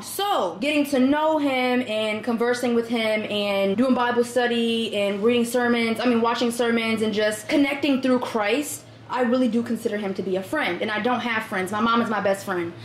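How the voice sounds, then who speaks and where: A woman's voice: on the high side, a little fast, few pauses. A young woman vlogging in a chatty, exclaiming way, talking to her viewers as y'all. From Michigan, USA. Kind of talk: casual chat vlog. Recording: echoey room with faint background noise.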